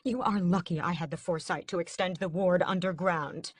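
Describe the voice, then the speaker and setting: Woman reader doing a grand, scheming vampire matriarch for an audiobook, high and dry-voiced. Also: a little fast, dry recording, natural voice. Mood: grand, mocking. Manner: grand, high-pitched, swings from sobbing to gloating. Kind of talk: audiobook character voice.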